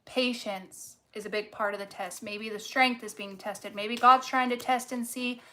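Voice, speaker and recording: A woman's voice: a little high, fairly even intonation, normal speed, bright, forceful tone. A woman giving a casual tarot reading, blunt and emphatic, swearing freely and stretching out words for stress. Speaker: tarot reader.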